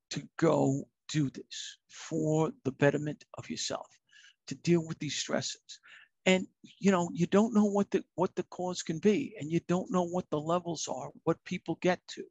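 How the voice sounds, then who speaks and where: A middle-aged retired fire captain speaks in a fairly high, gravelly voice with a husky edge. He talks candidly and reflectively in a plain, earnest way. The sound is dry and close, with no room around it. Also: no echo. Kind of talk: candid personal storytelling.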